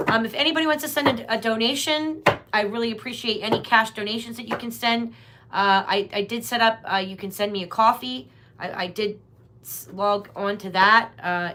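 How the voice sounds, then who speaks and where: A woman's voice: medium pitch, noisy background. A woman hosting a live tarot reading stream, chatting casually and talking straight to her viewers. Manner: chatty, rambling, talks directly to viewers. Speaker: tarot reader, livestream host.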